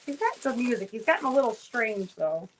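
A woman's voice: fairly high pitch, expressive, a little fast, slight background noise. Chatty woman selling jewelry live. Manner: chatty, upbeat, greets viewers by name. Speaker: live-stream jewelry seller. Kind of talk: casual live-sale chat.

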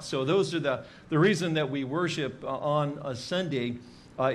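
A man teaching a Bible passage in a relaxed, chatty sermon style, with many fillers and dry jokes. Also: medium pitch, a little hiss or hum. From Hawaii. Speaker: pastor teaching a Bible study.

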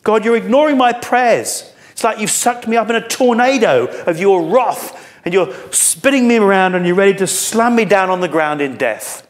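A man's voice: high voice, lively intonation, moderate pace, few pauses, pitched above the performer's own voice. A male preacher voicing an anguished, suffering man who cries out to God in a raised, pleading voice.

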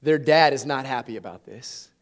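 A man preaching a sermon, retelling a scripture story in an animated, conversational way with chuckles. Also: medium pitch, moderate pace. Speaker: pastor.

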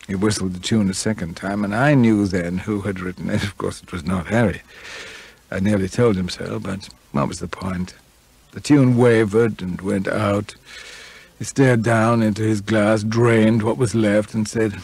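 A man reading a novel aloud in the first person, measured, dry and understated. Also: fairly low pitch, steady tone, vocal fry, darkish tone, breathy edge. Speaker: audiobook reader.

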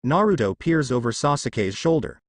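A man narrating fan fiction in a steady storytelling read. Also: medium pitch, normal speed, dry recording, studio quality.

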